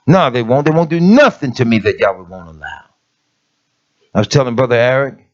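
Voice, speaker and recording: A middle-aged man preaches in an emphatic, street-plain way, pressing his points home and calling on the congregation directly. His voice sits at an ordinary pitch for a man. The recording is dull and lo-fi. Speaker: elder of an assembly. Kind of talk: conversational sermon.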